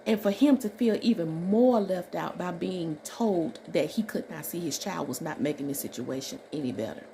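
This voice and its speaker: Nurse storyteller from Alabama: warm, animated woman who acts out every exchange, with a faint hiss behind. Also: lowish voice, normal speed. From Alabama, USA. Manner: animated, emphatic, acts out dialogue. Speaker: registered nurse telling a story. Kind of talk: storytime vlog.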